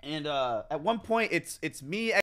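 A man's voice: fairly high pitch, lively intonation, a little slow, a bit bright. A man with a slightly raised voice talks casually on a stream. He rambles and leans hard on his points, circling back to repeat himself. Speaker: streamer in a clip.

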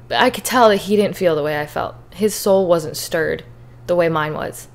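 A woman's voice: fairly low pitch, moderate pace. Tearful young woman sharing her testimony. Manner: candid, earnest, emotional at times. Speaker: podcast host. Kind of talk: personal testimony, casual.

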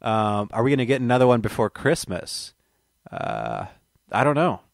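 A man's voice: mid-range voice, wildly swooping pitch, moderate pace, gravelly, dry recording. A man hosts a reading of a book on his own channel, then drifts into joking, rambling chatter with himself. His voice sits in a middle register and sounds dry and close. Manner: rambling, joking self-banter. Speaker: channel host reading an audiobook. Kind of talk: audiobook reading with casual chat.

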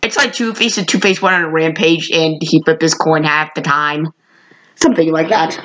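A woman vlogger reviewing old cartoons in a casual, rambling way, correcting herself often and jumping up in pitch when she exclaims. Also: moderate pace, a bit bright, a little hiss or hum, rough recording. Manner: rambling, with frequent self-corrections.

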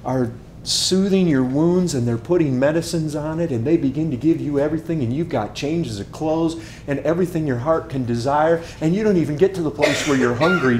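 Preacher painting a vivid story. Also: male voice, on the high side, echoey room, a little hiss or hum. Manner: vivid storytelling, swings from loud to hushed. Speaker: pastor. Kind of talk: sermon. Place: church sanctuary.

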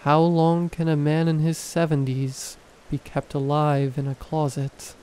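A man reading horror stories aloud in a calm, even scripted narration. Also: a little high, unhurried, slight background noise, poor audio.

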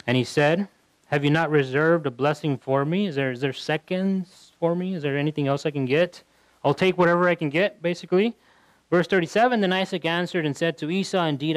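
A man's voice: a little high, dry recording, rough recording. A male pastor teaching through a Bible passage verse by verse, talking casually and often repeating words as he thinks.

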